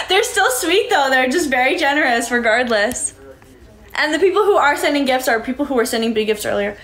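High-voiced, breezy woman live-streamer. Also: big pitch swings, moderate pace, fairly bright tone. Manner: breezy and upbeat, thanking viewers by name. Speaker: livestreamer. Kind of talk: casual live-stream chat reading out viewer comments. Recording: echoey room.

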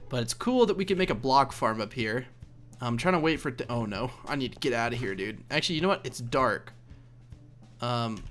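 A young man chats through his gameplay in a rambling, self-mocking way, pleading with the game's characters and laughing at his own mistakes. His voice sits at an ordinary middle pitch, with faint music playing behind him. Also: fairly bright tone. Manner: chatty, rambling, laughs at himself, coaxes in-game characters. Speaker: let's play host. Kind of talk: casual gameplay commentary.

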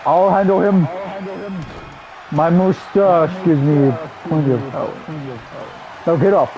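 A man doing a cocky mustached wrestler who barks bossy orders in a fairly high voice. A game arena crowd roars clearly behind him. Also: slow pace, highs cut off. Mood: commanding. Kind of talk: improvised fan role-play over a wrestling game.

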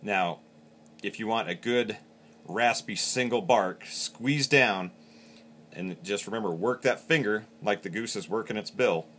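Low-voiced man giving call lessons. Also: unhurried, heavy background noise. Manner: plain, step-by-step explaining. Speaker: game call instructor. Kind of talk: hands-on instructional demo.

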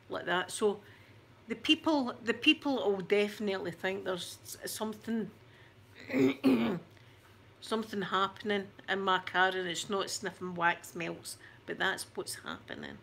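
A woman's voice: mid-range voice, animated, unhurried, gravelly, a bit bright, a little hiss or hum. A woman in her forties with a thick Scottish accent, chatting to her camera in a rambling, self-mocking way. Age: 40s. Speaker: YouTuber.

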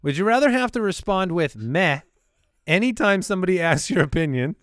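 A man's voice: high-pitched, sing-song, brisk, fairly bright tone, no echo, studio quality. A man co-hosting a comedy podcast, bantering casually and posing would-you-rather questions with a playful manner. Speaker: podcast co-host.

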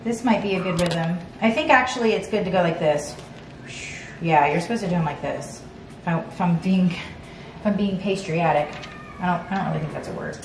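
A woman's voice: lowish voice, a little fast, gravelly. A woman hosting a casual cooking demonstration, chatty and playful, talking straight to the viewer. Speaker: cooking show host. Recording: echoey room, mic at a distance, steady background hum.

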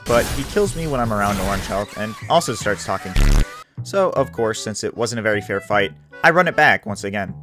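A man giving casual, wry narration over his gameplay as a gaming YouTuber. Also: medium pitch. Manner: wry, laid-back storytelling.

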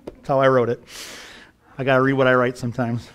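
A man's voice: medium pitch, flat delivery, fast, clean tone, lo-fi sound. A middle-aged man preaching a sermon as pastor, building fervor and firing rhetorical questions at his congregation.

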